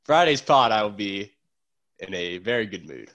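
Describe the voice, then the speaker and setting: A man's voice: on the low side, sing-song, moderate pace, a bit bright. Stuffy-nosed young guy cohosting a podcast, easygoing, laughs a lot. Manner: laid-back, laughs often. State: congested. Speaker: podcast co-host. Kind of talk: casual chat. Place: isolation room.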